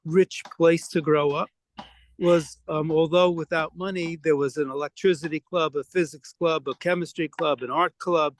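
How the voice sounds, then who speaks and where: A man's voice: fairly high pitch, fairly even intonation, moderate pace, dry recording. A man in his seventies from New York City, reminiscing about his childhood in an oral history interview. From the Bronx, New York City. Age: 70s. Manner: reminiscing, conversational storytelling.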